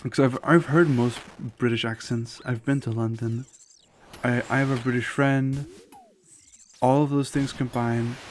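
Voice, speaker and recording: A man's voice: mid-range voice, a little hiss or hum. A man streaming live while he plays a game, chatting with viewers in a loose, rambling way full of "like" fillers and blunt opinions. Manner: opinionated and candid. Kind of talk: casual live-stream chat while gaming.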